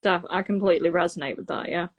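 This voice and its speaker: A woman with a London accent, a singer who co-hosts a podcast, chats casually in an earnest, open manner. Her voice sits on the low side and she talks fast, with lo-fi audio quality.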